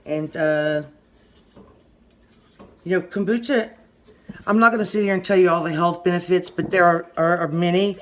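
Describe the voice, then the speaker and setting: A middle-aged woman with a Southern US accent giving a casual kitchen how-to, rambling and halting, often stopping mid-sentence to restart. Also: fairly low pitch, fairly even intonation, slight background noise. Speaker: home cooking channel host.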